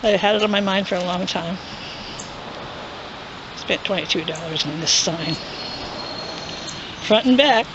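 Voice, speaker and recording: An older woman vlogging casually, chatty and enthusiastic as she shows her gear, first in a garage and then outside by a car. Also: mid-range voice. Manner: chatty and enthusiastic, thinking aloud. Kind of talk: casual show-and-tell video. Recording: dull recording with noise behind.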